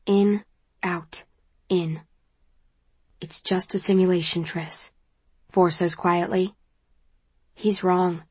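A woman reads a first-person novel aloud in a calm, measured manner. Her voice sits on the lower side. The recording is close and completely dry. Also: no echo. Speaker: audiobook narrator.

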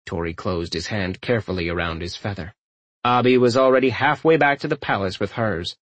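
A man narrating a fantasy audiobook with lively, expressive storytelling. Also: fairly low pitch, brisk, dry recording. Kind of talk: scripted narration.

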